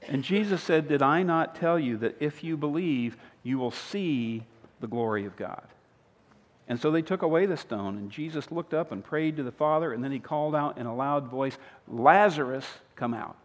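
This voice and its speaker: A pastor preaching a sermon, retelling a story with humor, swinging between loud emphatic lines and quiet earnest appeals. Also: male voice, a little high, moderate pace. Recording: long hall reverb.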